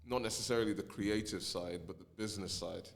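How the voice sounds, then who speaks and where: A man from Nigeria, a musician guest, talking in a relaxed podcast chat, full of fillers and restarts. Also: fairly low pitch, quick pace.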